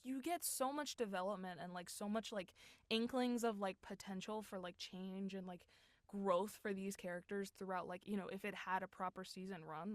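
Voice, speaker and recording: A young woman voice actor, a guest in a casual interview, animated and quick to laugh, sometimes dropping to a whisper. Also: mid-range voice, no room sound, studio quality. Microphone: home recording booth mic.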